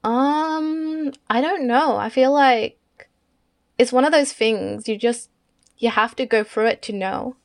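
A woman co-hosting a podcast, talking calmly and weighing both sides. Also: fairly high pitch, slow pace. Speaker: podcast co-host. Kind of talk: casual chat.

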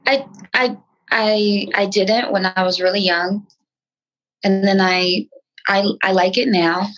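A woman from New York, a rapper talking in a casual interview, with a nasal voice and halting speech full of restarts. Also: steady tone, fairly bright tone, lo-fi sound. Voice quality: nasal, sometimes high-pitched. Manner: frantic, halting speech with many restarts and fillers. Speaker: rapper guest.

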